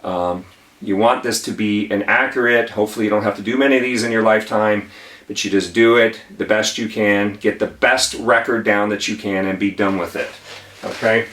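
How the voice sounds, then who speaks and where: A man's voice: fairly low pitch, steady tone, normal speed, a bit bright. A man, an attorney, giving a conversational whiteboard lesson with emphatic, repeated key phrases. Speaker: attorney teaching legal tips. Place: room with whiteboard. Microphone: camera mic at a distance. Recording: echoey room, voice from a distance.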